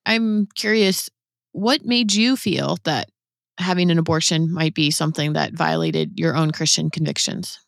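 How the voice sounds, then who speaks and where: A woman's voice: deep voice, normal speed, gravelly, dry recording, studio quality. A woman interviewer asking conversational questions and paraphrasing her guest's view back to him.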